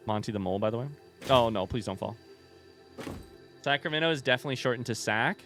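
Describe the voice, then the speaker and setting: A man's voice: mid-range voice, fast, music in the background. Rambling, distracted young man streaming. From United States. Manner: rambling, distracted, self-deprecating, thinks out loud. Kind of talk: casual livestream chat while gaming.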